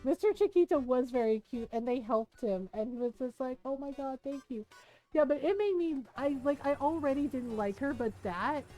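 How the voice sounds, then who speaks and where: Chatty high-voiced woman streamer. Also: moderate pace, few pauses, soft background music, poor audio. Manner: chatty, animated, swears freely. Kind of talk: casual gameplay commentary.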